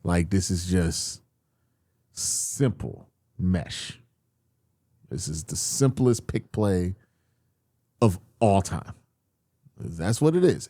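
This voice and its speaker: Animated man breaking down game film. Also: on the low side, no room sound, clean studio sound. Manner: animated, exasperated, swears, addresses viewers as y'all. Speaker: football film breakdown host. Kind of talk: casual film-review commentary.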